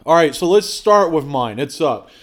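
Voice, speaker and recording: A man's voice: fairly high pitch, animated, moderate pace. A man hosting a casual home podcast, playful and rambling, laughing at his own jokes. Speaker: podcast host. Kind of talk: casual family chat.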